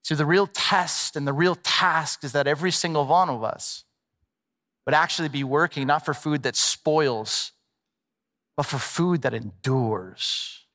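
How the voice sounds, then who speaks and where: Animated man preaching in a hall. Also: fairly high pitch, a little slow. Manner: animated, conversational, playful asides. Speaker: pastor. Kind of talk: sermon. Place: large church hall. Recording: long reverb of a large hall.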